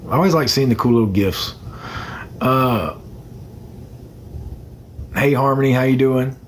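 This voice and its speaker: Chatting loosely on his phone livestream, a young man greets commenters by name and drifts from topic to topic. He speaks at medium pitch, a little slowly, over slight background noise.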